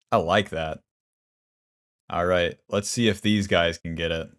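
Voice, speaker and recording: Low-voiced, foul-mouthed gaming streamer man. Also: fairly even intonation, a little slow, long pauses, fairly bright tone. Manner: profane, wry, grumbling. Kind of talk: casual gaming stream chat.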